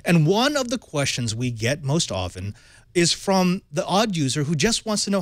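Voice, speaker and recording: Lively, animated male tech show host. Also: fairly high pitch, moderate pace, no echo, clean studio sound. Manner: animated, rising and falling questions. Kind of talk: panel tech talk show.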